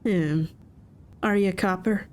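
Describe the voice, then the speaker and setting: A woman's voice: mid-range voice, a little slow, lightly acted. A woman voicing a suspicious, bullying gang doorman in an attempted Irish accent. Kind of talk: game voice acting.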